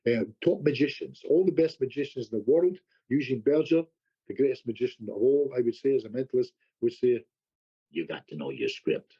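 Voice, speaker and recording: A man who works as a hypnotherapist, a guest telling animated stories in a podcast conversation, often restarting his sentences. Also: medium pitch, breathy edge, dull audio. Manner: animated anecdotes with repeated restarts.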